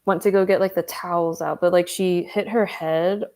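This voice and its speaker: A woman's voice: fairly low pitch, steady tone, normal speed, dark tone. A young woman in her twenties telling a story in a casual chat, filler-heavy and laughing often. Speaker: streamer.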